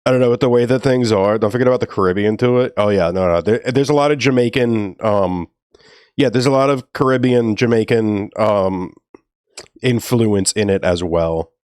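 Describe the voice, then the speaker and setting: A man's voice: fairly low pitch, moderate pace, a little mellow, clean tone, no echo. Laid-back chatty man, dry close sound. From New Orleans, Louisiana. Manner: chatty, laughs often, loose and rambling. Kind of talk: casual chat.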